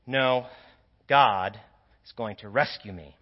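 Priest doing a stubborn stranded man, insistent, high voice, churchy echo. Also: sing-song, normal speed, dull audio.

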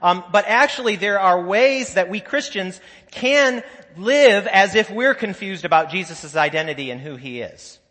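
Bright-voiced preacher in a reverberant church. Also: male voice, sits high, animated, moderate pace. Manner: conversational storytelling preacher with asides and voiced quotes. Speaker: pastor. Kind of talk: sermon. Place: church sanctuary.

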